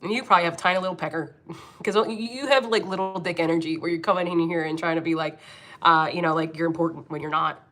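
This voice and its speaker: Woman streamer from Philly, Philadelphia accent, bright forceful tone, blunt and swears freely. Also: on the low side, fast. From Philadelphia, United States. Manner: blunt, profane, laughs often. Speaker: livestream host, angel medium. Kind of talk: casual livestream chat reading comments.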